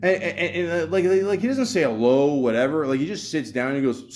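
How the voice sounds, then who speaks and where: A man's voice: a little high, fairly quick, hardly any pauses, darkish tone. A man telling a story on his podcast in a casual, profane rant, full of stammered restarts and acted-out dialogue. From Canada. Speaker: podcast host.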